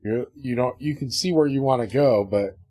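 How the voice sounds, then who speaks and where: A man's voice: medium pitch, normal speed, mellow, breathy edge. Casual male podcast host. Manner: prompting, laughs along. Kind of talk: casual chat.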